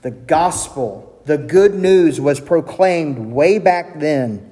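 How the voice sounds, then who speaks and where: A man, preaching a sermon, animated, raising his voice when he quotes God. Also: takes it slowly, big-room sound. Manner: animated preaching, voicing God's lines with a raised pitch.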